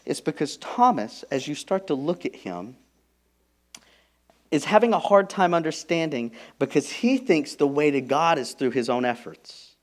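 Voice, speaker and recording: A man preaching a sermon as pastor, emphatic, moving from hushed, intimate lines to loud, stressed ones. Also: medium pitch. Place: church.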